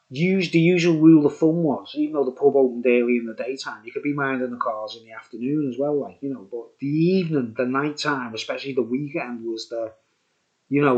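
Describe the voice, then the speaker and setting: A man in his sixties rambling through a childhood story for his viewers, with digressions and chuckling asides. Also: mid-range voice. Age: 60s. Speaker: vlogger. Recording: dull lo-fi recording.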